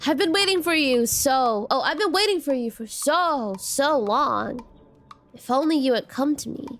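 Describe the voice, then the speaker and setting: Brief: cruel possessing deity, slow and taunting, lower and softer than her own voice, woman performer. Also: animated. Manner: slow, taunting, hushed delivery. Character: sinister possessing deity in a man's body, mocking and cruel.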